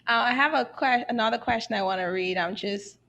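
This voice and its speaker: A woman hosts a real estate show and reads viewer questions aloud slowly and carefully. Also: on the high side, sharp tone, dull audio. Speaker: host.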